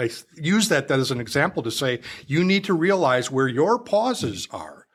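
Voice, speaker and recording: A man's voice: a little high, big pitch swings, moderate pace, fairly bright tone, slightly rough. A man hosting an interview podcast, talking in a rambling, self-deprecating way full of restarts. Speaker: podcast host. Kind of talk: conversational interview.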